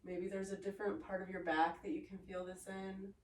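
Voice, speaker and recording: A woman teaching a yoga class, giving calm, encouraging cues with playful asides. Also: mid-range voice, brisk, slight background noise. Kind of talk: guided yoga class instruction. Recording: echoey room, voice from a distance.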